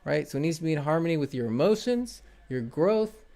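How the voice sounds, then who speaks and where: A man's voice: fairly high pitch, expressive, fairly quick, warm tone. Encouraging man giving a tarot reading. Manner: encouraging, loose and rambling, with fillers. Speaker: tarot reader.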